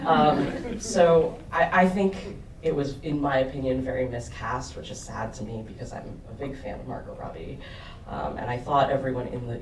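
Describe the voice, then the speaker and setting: A man's voice: medium pitch, vocal fry, darkish tone. A man speaking as a panelist after a film screening, hesitant with many ums and a dry sense of humor. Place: cinema auditorium. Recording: echoey cinema, distant mic, noisy.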